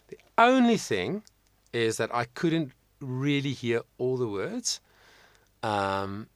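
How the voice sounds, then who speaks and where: A man's voice: mid-range voice, no room sound. Guy vocal coach chatting about a performance, dry close mic, lots of ums. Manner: thoughtful, with frequent ums and restarts. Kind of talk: casual video commentary.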